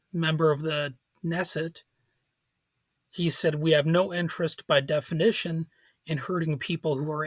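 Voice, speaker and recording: A male podcast host talking through political news in a casual, halting way, with frequent restarts. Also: on the high side, no echo. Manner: informal, halting, with restarts and soft laughs.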